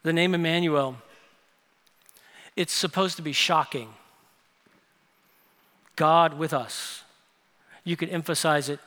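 A man preaching a sermon with a bright, forceful tone and a fairly high voice. His delivery is emphatic, rising into strong intensity. The sound rings with long reverb from a large hall. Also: measured pace, pauses often. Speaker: pastor.

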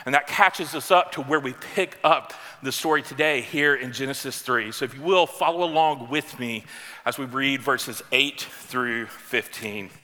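A man's voice: mid-range voice, sharp tone. A man preaching a sermon as pastor to his congregation, in a conversational style with casual asides. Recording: long reverb of a large hall.

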